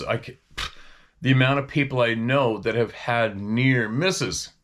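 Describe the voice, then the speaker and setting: A man's voice: lowish voice, fairly bright tone. A man hosting a casual talk, a former hunting guide telling stories in a rambling, questioning way. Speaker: host.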